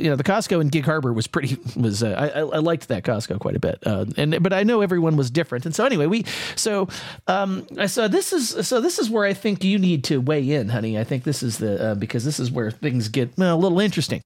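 A man co-hosting a podcast in casual chat, halting and restarting, repeating words as he searches for them. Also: a little high, big pitch swings, no room sound, clean studio sound. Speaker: podcast co-host.

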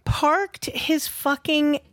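A woman's voice: high-pitched, steady tone, very slow, a bit bright, dry recording, studio quality. A woman co-hosting a podcast, telling a story in a blunt, emphatic, heavily profane way. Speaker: podcast co-host.

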